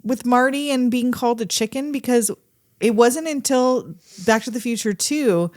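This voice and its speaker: A woman with a fairly high voice chats casually as a podcast co-host. She talks in an animated, profane way and acts out quotes as she goes. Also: normal speed. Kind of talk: casual movie chat.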